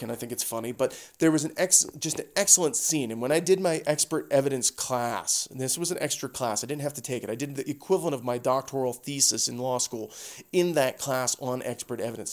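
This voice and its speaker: A middle-aged man hosting a podcast, explaining a topic in a casual, conversational lecture style with restarts and lively retellings. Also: mid-range voice, a little fast. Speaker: podcast host.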